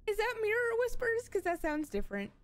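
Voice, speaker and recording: Expressive woman streaming horror games. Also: very high-pitched, fairly quick. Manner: swears freely, chatty and expressive. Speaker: game streamer. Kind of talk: live reactions to horror games.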